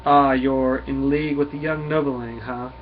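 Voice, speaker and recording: A man's voice: mid-range voice, steady tone, moderate pace, close to an everyday voice. A man voicing a solemn, noble male alien warrior who speaks in a formal, old-fashioned way. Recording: dull lo-fi recording, faint hiss.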